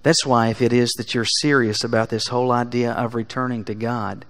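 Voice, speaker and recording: A man preaching a sermon in a church, speaking earnestly and building to emphatic peaks before dropping quiet. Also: mid-range voice, fairly even intonation, fairly quick. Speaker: pastor. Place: church sanctuary.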